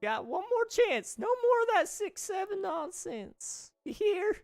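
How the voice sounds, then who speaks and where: A man doing a quavering high old lady. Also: very animated, measured pace, no echo, clean studio sound, faint music behind, exaggerated voice. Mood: scolding. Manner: scolds chat with mock threats. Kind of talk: live-stream character voice.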